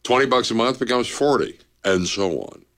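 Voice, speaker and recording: A man hosting a charity radiothon on the radio, relaxed and joking, a little punchy after a long day. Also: medium pitch, moderate pace. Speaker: radio host.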